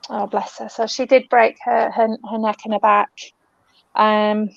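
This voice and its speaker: Gentle British woman medium, tender tone. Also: a little high, level tone, a little slow, creaky, dry recording. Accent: British English. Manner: gentle, soothing, calls people love and darling. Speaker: spiritual medium. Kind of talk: live online reading. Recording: dull, dry lo-fi audio.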